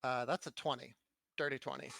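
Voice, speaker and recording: A man playing a tabletop game, describing his character's actions in a quiet, laid-back way. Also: medium pitch, fairly even intonation, fairly quick, vocal fry, no echo. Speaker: player. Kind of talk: casual tabletop play.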